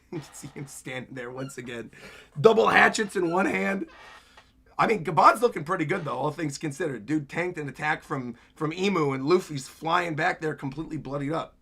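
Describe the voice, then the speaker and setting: A man talks through a comic chapter on a livestream in a relaxed, upbeat commentary style. His voice sits a little high and sounds bright and forward, and he keeps breaking into small chuckles as he describes the panels. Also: normal speed, creaky, breathy edge. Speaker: streamer reacting to a comic chapter. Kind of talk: casual reaction commentary on a livestream.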